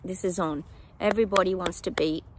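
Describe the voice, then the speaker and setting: A woman's voice: on the low side, fairly even intonation, fairly quick, background noise. A woman giving psychic predictions to her viewers in a casual, chatty way, with many ums and apologetic asides.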